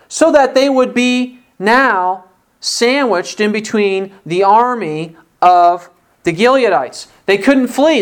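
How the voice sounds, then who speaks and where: A preacher giving an expository sermon, explaining a Bible passage and briefly acting out its dialogue. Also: mid-range voice. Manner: expository, acts out biblical dialogue.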